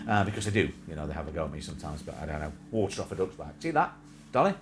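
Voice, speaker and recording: Music plays behind a livestream host whose deep voice moves quickly in a sing-song way. His talk is loose and jokey, wandering from topic to topic, with bursts of silly character voices.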